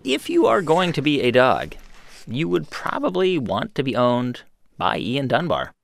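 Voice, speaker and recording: A man's voice: mid-range voice, huge pitch swings, a little slow, creaky, no room sound. A man hosting a radio show, asking questions in a curious, conversational way. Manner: inquisitive, conversational. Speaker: radio host. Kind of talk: radio interview and narration.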